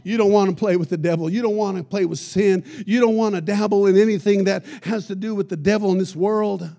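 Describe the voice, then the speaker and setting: High, gravelly-voiced preacher man. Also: brisk. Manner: energetic storytelling preacher with shouted praise interjections. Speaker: pastor. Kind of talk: sermon.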